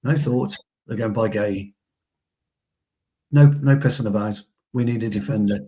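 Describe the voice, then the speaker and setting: A man with a fairly low voice, chatting casually about football as a co-host. His talk is full of banter and asides to his partner. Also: unhurried, dark tone, slightly rough. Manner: chatty, banter-filled, addresses co-host as pal. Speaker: fan channel co-host. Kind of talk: casual football fan chat.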